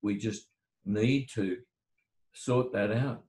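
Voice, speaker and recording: An older man who is an author and lawyer, talking through history at a book talk, often halting and repeating words as he thinks aloud. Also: on the low side, darkish tone. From Australia. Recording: roomy echo.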